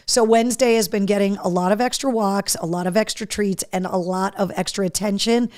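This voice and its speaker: A woman's voice: mid-range voice, darkish tone, no room sound, studio quality. A woman hosting a live show in casual chat, talking easily and reading viewer comments aloud. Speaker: host.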